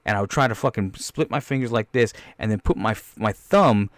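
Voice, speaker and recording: A man's voice: fairly low pitch, a little fast, dry recording. A man doing profane, rambling comedic commentary while reacting to a film.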